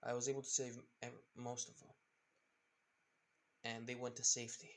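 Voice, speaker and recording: A man voicing an earnest young male hero who speaks hesitantly and softly in a fan-made story. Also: medium pitch, level tone, normal speed, natural voice. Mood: reassuring.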